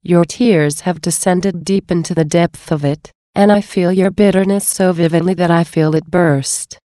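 A woman's voice: fairly low pitch, steady tone, normal speed, no echo, studio quality, lightly acted. A woman reading a tender, consoling male Jesus. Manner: tender, gentle. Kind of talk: devotional reading.

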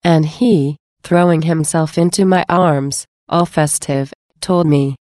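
A woman giving a slow, reverent, measured devotional reading. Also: low-pitched, fairly even intonation, darkish tone, dry recording, studio quality.

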